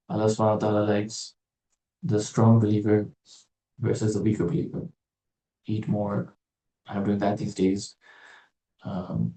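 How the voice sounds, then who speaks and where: A man's voice: on the low side, warm tone. A man giving an informal religious talk as a teacher, musing and digressive, with wry sarcastic asides. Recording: roomy echo, distant from mic.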